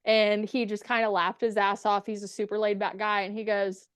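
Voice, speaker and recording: A woman's voice: mid-range voice, little pitch movement, fairly quick, clean tone, dry recording, studio quality. A young woman telling stories as a podcast guest, candid and profane, acting out what people said. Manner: candid, profane, acts out quoted dialogue. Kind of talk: casual storytelling interview.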